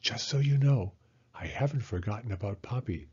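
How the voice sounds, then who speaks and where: A man's voice: on the low side, animated, moderate pace, darkish tone, husky, muffled recording. A man reading aloud, voicing a firm but reassuring mother of a new baby. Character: patient, firm mother of a newborn.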